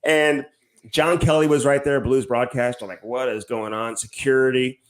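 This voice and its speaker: A male podcast co-host tells a story in loose, casual chat. He rambles and swears freely, padding his talk with fillers. His voice sits at an ordinary, mid-range pitch. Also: steady tone, normal speed. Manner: rambling and profane, heavy on fillers like "whatever". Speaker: podcast co-host and TV hockey reporter.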